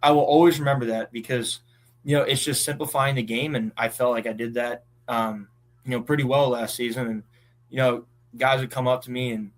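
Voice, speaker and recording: A young man around twenty from southeastern Pennsylvania, a college ballplayer telling stories in a relaxed chat, full of fillers. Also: medium pitch, a little fast. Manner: relaxed storytelling with many fillers. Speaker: college baseball player, guest. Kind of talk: casual chat.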